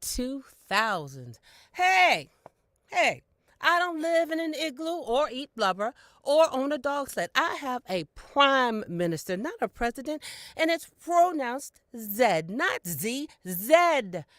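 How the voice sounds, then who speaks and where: Woman, from Canada, commercial tags, playful, lively pitch, unhurried, dry close sound. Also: no echo. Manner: playful, dramatic delivery with big pitch swings. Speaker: voice-over contestant.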